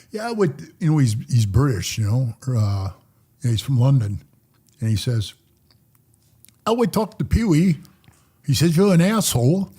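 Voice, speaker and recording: An older man, a podcast guest, telling stories in a casual interview. He talks roughly and swears, and he acts out the people in his stories. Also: medium pitch, dark tone. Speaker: podcast guest, former motorcycle club president.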